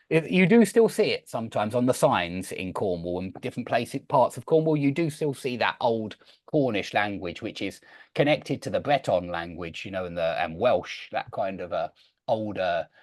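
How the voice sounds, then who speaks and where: A man's voice: mid-range voice, no room sound. A man from the south of England with a Southeast English accent close to RP, chatting and explaining words to an online class with many restarts, heard over a video call. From Southend, Essex, England. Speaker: English teacher. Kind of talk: online group class talk.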